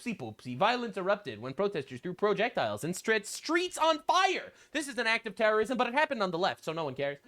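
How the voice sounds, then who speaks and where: A man's voice: high-pitched, big pitch swings, fast talker, few pauses, a bit bright. A man hosting a political reaction commentary show, talking in a sarcastic, crude, mocking way. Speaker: show host.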